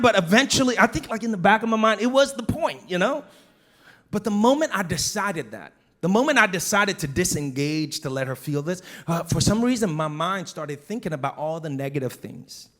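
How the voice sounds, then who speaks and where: Bright-voiced animated man preaching a sermon. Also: sits high, a little fast. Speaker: pastor.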